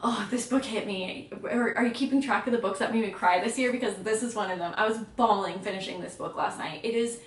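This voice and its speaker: A woman's voice: medium pitch, a little fast, few pauses, echoey room, recorded from a distance. A woman giving an emotional, chatty book review in a casual vlog.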